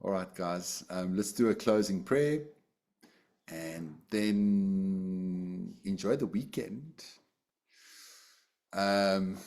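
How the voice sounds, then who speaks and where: A man teaching an online Buddhist class over a video call, talking in a relaxed, conversational way with fillers and restarts. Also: low voice, very slow, creaky, long pauses.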